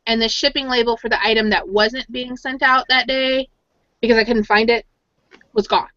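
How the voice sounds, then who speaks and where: A woman's voice: fairly high pitch, bright, forceful tone, dry recording. A woman co-hosting a casual chat, telling stories and acting out the voices of people she quotes. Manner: chatty storyteller, acts out quoted voices. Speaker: podcast co-host. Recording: dull lo-fi audio.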